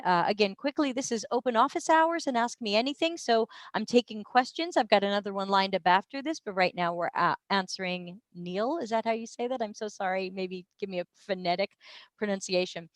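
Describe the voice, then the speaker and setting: Chatty higher-pitched American woman. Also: a bit bright, dry recording. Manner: conversational and explanatory, with frequent fillers and restarts. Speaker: UX research consultant hosting live office hours. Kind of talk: live-stream Q&A, casual teaching.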